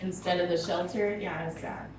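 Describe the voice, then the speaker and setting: A woman's voice: on the low side, fairly even intonation, normal speed, background noise. A young woman doing a crude, brash stand-up set, laughing at her own jokes, recorded on a club stage. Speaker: stand-up comedian. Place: comedy club stage with audience. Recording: echoey club from far off, audience laughter.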